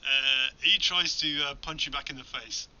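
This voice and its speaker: Bright-voiced game master, sweary. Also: male voice, mid-range voice, slight background noise. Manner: loose, sweary, often laughing. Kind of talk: running a tabletop horror game. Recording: dull lo-fi recording.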